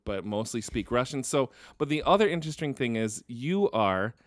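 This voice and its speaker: A man's voice: medium pitch, expressive, moderate pace, dry recording, clean studio sound. A young man with a Northern Michigan accent co-hosting a casual movie chat, thinking aloud earnestly and swearing freely. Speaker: podcast co-host.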